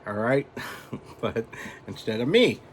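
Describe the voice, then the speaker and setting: A man's voice: medium pitch, very animated, a little slow, a little hiss or hum. A man talking casually at home for his vlog, rambling and chatty and chuckling often as he goes. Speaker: vlogger.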